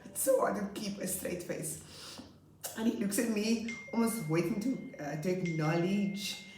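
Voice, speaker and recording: A woman's voice: measured pace, a little hiss or hum. A young woman teacher casually telling funny stories about her class, laughing often and acting out her pupils. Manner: animated, laughs often, acts out her pupils in high voices. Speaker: grade 2 teacher. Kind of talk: casual storytelling vlog. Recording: roomy echo, slightly far from mic.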